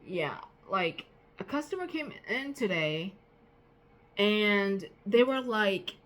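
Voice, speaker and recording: A tired woman, rambling casually to camera, trailing off softly at times and turning heated and profane at others. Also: mid-range voice, lively intonation, slow pace. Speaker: vlogger.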